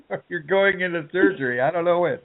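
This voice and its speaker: A man, a spiritual teacher, answering listener questions on a broadcast in a halting way with many fillers and restarts. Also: high-pitched. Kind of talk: casual radio broadcast talk. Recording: tinny phone line.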